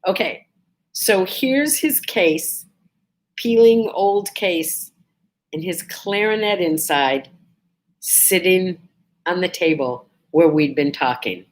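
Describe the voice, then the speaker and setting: Feeling slightly unwell, a woman hosting a laid-back morning vlog shares a personal story with chatty animation. She speaks slowly in a lowish voice.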